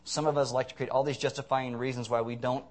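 A man's voice: medium pitch, little pitch movement, fast talker, darkish tone. A man preaching a conversational sermon, earnest with blunt, sarcastic asides.

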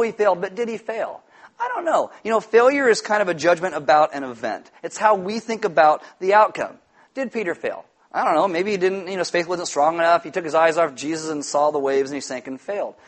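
A man preaching a sermon, animated and jokey, telling stories with loud shouted impressions. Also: a little high. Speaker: pastor.

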